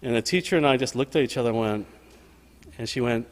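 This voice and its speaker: A man's voice: mid-range voice, quick pace, long pauses. A man preaching a sermon in a church, telling a personal story earnestly and repeating key phrases for emphasis. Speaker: pastor. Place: church sanctuary. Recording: long hall reverb.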